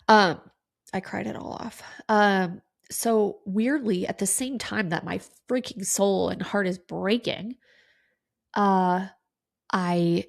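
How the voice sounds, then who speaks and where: Tearful woman with a gravelly voice. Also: mid-range voice. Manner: candid, swears freely, lots of "like". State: tearful, sniffling. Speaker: podcast host. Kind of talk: casual solo podcast talk.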